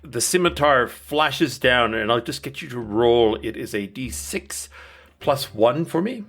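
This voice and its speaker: A man narrating a tabletop game as dungeon master, in slow, descriptive turns. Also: mid-range voice, expressive, a bit bright.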